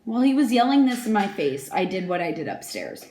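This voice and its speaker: A young woman reading her prepared impact statement aloud in a measured, earnest way. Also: mid-range voice, big pitch swings, dark tone, roomy sound, slight background noise. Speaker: victim giving an impact statement.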